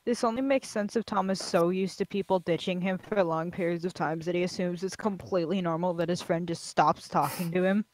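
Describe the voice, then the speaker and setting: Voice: mid-range voice, fairly even intonation, a little fast, hardly any pauses, darkish tone, rough recording. A participant in a casual group chat who sounds dry and skeptical while picking apart a story.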